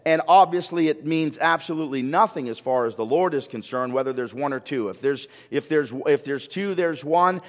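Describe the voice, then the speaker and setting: A man preaching a sermon as a pastor, animated, firing rhetorical questions and repeating words when he gets excited. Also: fairly high pitch, normal speed, hardly any pauses. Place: church sanctuary. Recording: long hall reverb.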